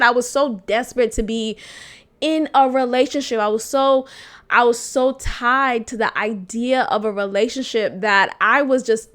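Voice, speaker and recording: A young adult woman hosting a podcast, telling a frank personal story in a profane, animated way and laughing often. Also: a little high. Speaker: podcast host. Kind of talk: candid storytelling monologue.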